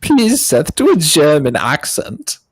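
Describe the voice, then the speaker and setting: Brief: a man doing a hammy German-accented guy reading chat, slow and swooping. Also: a little high, huge pitch swings, breathy edge, no echo, pitched above the performer's own voice, exaggerated voice. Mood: mocking. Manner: over-the-top mock accent.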